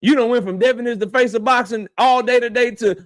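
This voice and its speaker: High-voiced man in a heated boxing rant. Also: fairly even intonation, brisk, no room sound, clean studio sound. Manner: confrontational, profane, repeats his points; addresses his target directly. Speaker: boxing channel host.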